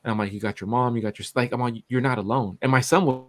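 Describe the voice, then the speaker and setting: A man's voice: mid-range voice, steady tone, racing, no room sound. Man in his forties on a podcast, loose rambling storyteller, dry close sound. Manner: rambling storyteller, full of "like" and restarts. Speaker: podcast co-host. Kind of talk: casual chat.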